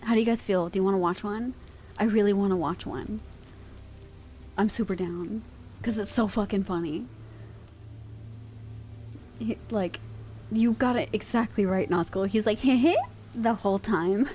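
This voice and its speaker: A woman's voice: fairly high pitch, mellow, slight background noise. A woman streamer chatting casually with her live chat, giggly and swearing freely, at a desk microphone at home.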